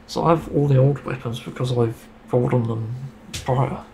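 A man's voice: medium pitch, moderate pace, gravelly, dark tone, slight background noise, low-quality recording. A man giving a casual, rambling opinion monologue about a game, getting frustrated and swearing casually. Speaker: gaming video creator.

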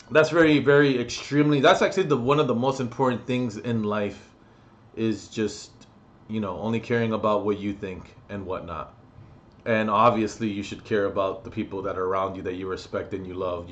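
A young man talking straight to camera in a crude, rambling, profane vlog monologue. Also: lowish voice. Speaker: vlogger.

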